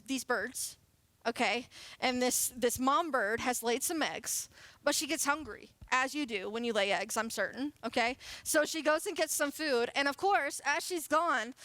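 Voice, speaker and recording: Playful high-voiced young woman preaching. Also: pushed and bright, dry recording. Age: late 20s. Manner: chatty, playful, laughs often. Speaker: youth pastor. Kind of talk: sermon. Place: church sanctuary.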